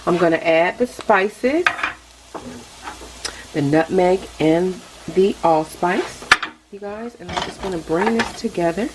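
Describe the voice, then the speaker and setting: A woman's voice: on the low side, takes it slowly, noisy background. A middle-aged woman hosting a casual cooking vlog, chatting straight to her viewers from her home kitchen stove. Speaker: cooking channel host. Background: faint sizzling and frying.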